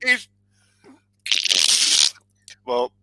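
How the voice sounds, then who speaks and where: A man co-hosting a casual comedy chat, cracking crude jokes and quick to laugh. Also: pushed and bright, rough recording. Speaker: co-host.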